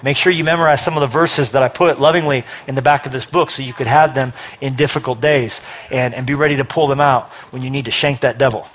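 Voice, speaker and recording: A middle-aged man preaching a sermon, energetic, rising to forceful emphasis with quick asides. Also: mid-range voice. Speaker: pastor.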